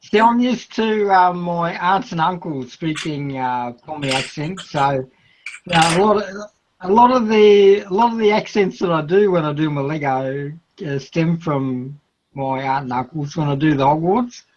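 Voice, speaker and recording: A man with an Australian accent chatting casually on a live stream, rambling and stretching his vowels. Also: a little high. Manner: rambling, drawn-out vowels, laughs often. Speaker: co-host of a Lego stream. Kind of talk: casual chat. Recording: dull lo-fi stream audio.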